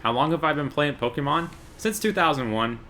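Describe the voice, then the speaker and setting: A young man on a gaming stream, talking casually in a bright, forceful voice. He is relaxed and chatty, with sudden excited bursts. There is a faint hum of noise behind him. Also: a little high, fairly quick.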